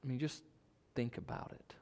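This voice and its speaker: A man's voice: moderate pace, a little mellow, big-room sound. A man preaching a sermon in a conversational way, asking his listeners rhetorical questions. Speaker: pastor.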